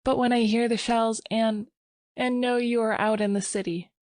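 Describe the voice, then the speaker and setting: A woman voicing an anxious young wife in wartime Paris, her pitch raised and pleading, recorded dry and close. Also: steady tone, normal speed, a little mellow, no echo, lightly acted.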